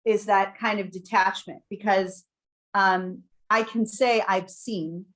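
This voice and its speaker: Middle-aged woman co-host, casual reflective storyteller with frequent laughs and soft soothing asides, mid-pitched voice. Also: fairly even intonation, slow pace, rough recording. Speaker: podcast co-host.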